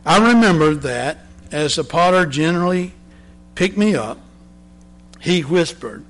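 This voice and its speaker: A male preacher reads a parable aloud at an unhurried, deliberate pace. His voice sits a little higher than most men's and often sinks into soft, quiet phrases. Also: expressive. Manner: slow, deliberate, drops to a soft low voice.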